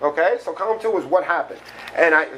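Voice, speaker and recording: A middle-aged man giving a candid, animated personal recovery talk, often laughing at himself. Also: a little high, fairly quick, a little hiss or hum, poor audio. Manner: candid, animated storytelling with self-deprecating laughs. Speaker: recovery meeting speaker.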